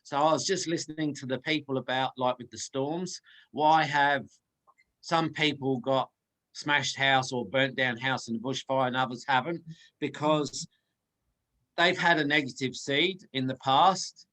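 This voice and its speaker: A man's voice: medium pitch, fairly even intonation, a little slow, sharp tone, poor audio. A man asking his teacher a question, hesitant and thinking aloud.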